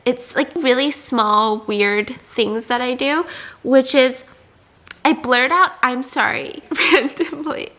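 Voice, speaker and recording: A young woman from the American South talks in a candid, rambling confessional chat, filling her sentences with "like". Her voice sits high and sounds bright and clear. She speaks casually, as if to friends watching her channel. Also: slow. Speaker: vlogger.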